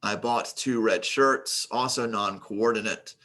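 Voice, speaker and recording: A man's voice: on the low side, fairly even intonation, a little slow, bright, forceful tone. A man teaching a recorded grammar lesson, reading example sentences aloud and explaining them methodically, with the occasional filler.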